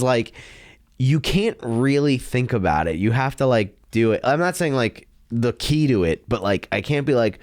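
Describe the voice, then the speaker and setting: A male comedian chatting casually on a podcast in an excitable way, laughing often and filling his talk with "like". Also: medium pitch, normal speed, no room sound, clean studio sound. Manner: excitable, laughing, heavy use of "like".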